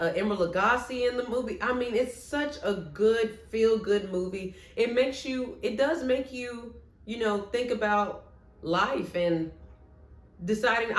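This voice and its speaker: A woman vlogger ranking her favorite movies in casual chat, expressive, with playful asides. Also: mid-range voice. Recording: echoey room.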